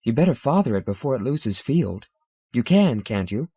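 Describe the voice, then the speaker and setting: A man's voice: mid-range voice, big pitch swings, normal speed, husky, no room sound. A friendly female alien who speaks lightly and casually, as a male audiobook narrator voices her. The tone stays easy and unbothered. The recording is dry and slightly dull.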